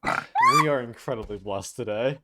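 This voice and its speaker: A woman's voice: extremely low pitch, wildly swooping pitch, moderate pace, noisy background. A woman in a casual group voice chat, teasing her friends with sarcastic, playful jabs.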